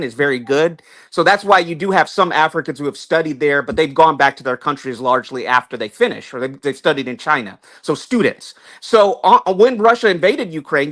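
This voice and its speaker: A man in casual talk-show chat, rambling through long points with frequent restarts and repeated words. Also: fairly bright tone. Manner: rambling, many restarts, swinging pitch when stressing points.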